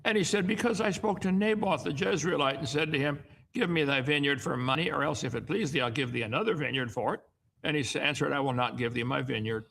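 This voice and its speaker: A man's voice: a little high, quick pace, creaky, fairly bright tone, slight background noise. A middle-aged man reading Bible passages aloud and breaking off into folksy asides that often end in "okay?". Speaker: Bible teacher. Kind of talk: reading and commenting on scripture.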